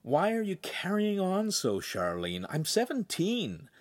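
A man's voice: high-pitched, huge pitch swings, unhurried, pitched above the performer's own voice, exaggerated voice. A man doing a cocky seventeen-year-old boy. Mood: wry.

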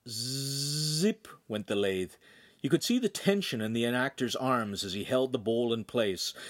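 A man narrating an audiobook in an expressive storytelling manner. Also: medium pitch. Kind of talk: scripted narration.

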